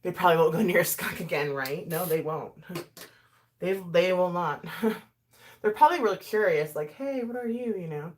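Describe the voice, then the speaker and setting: A woman's voice: normal speed, pauses often. A woman chatting casually and rambling through a makeup tutorial, with lots of fillers and asides. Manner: animated, swings in pitch and loudness. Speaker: YouTuber doing a makeup tutorial. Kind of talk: casual chat while doing makeup, talking to live chat.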